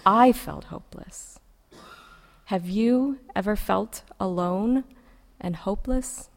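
A woman preacher giving a sermon, reciting a poem in a measured, poetic way with dramatic pauses, in a church sanctuary. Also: mid-range voice, vocal fry. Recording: long reverb of a large hall.

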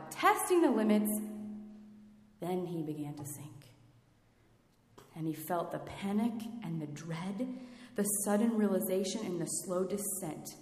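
A woman preaching a sermon in a reflective way, asking her listeners questions. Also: medium pitch. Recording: echoey hall with long reverb.

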